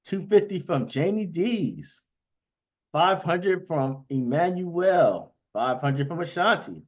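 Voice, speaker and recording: Male streamer host, casual and excitable, talks in bursts; slightly high voice, lo-fi stream audio. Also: takes it slowly. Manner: excitable, talks in bursts with frequent "you know what I mean". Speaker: livestream host thanking investors. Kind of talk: casual livestream chat.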